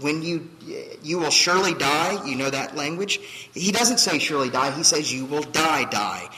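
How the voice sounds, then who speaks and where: A man's voice: a little high, sharp tone, a little hiss or hum. A man preaching a sermon as pastor, emphatic, with fillers and acted-out quotes. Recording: distant hall reverb, faint ambience.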